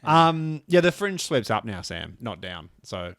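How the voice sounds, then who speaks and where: A man's voice: mid-range voice, big pitch swings, unhurried, fairly bright tone, clear, resonant tone, no room sound, studio quality. A man co-hosting a casual music podcast, joking and rambling with self-deprecating asides. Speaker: podcast co-host. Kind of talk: casual chat.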